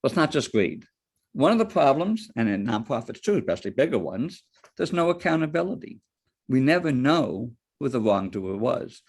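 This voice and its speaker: A man's voice: medium pitch, normal speed, husky. A man giving a lecture on ethics to board members, telling personal anecdotes and asking rhetorical questions. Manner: lively storyteller, rhetorical questions.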